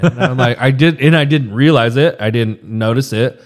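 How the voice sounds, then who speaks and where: A man's voice: mid-range voice, normal speed. Casual swearing guy saying dude. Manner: loose, profane, says "dude" a lot. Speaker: podcast co-host. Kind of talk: casual chat.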